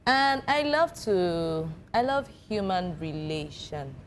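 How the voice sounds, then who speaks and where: A woman's voice: on the low side, sing-song, takes it slowly, slight background noise. A young woman, a guest actress on a talk show, speaking frankly and playfully and laughing often. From Nigeria. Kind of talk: casual talk show interview.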